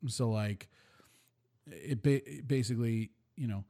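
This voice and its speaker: A man's voice: mid-range voice, a little slow, warm tone. Rambling casual male podcast co-host. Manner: rambling, with many fillers and restarts. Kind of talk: casual chat.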